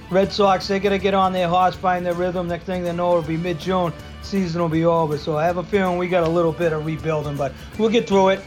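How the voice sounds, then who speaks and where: A man's voice: high-pitched, close to an everyday voice. A man doing a comic Boston-accented sports-fan character on a radio show, rambling and folksy, boastful about his hometown teams. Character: brash Boston sports-fan guy, middle-aged man.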